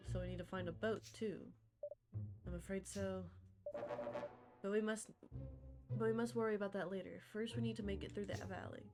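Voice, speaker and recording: A woman gives voice to a serious, steady man on a quest, plainly planning the road ahead at a middle pitch. Clear game music runs behind the game dialogue. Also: normal speed, long pauses, close to an everyday voice. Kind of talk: reading game dialogue aloud.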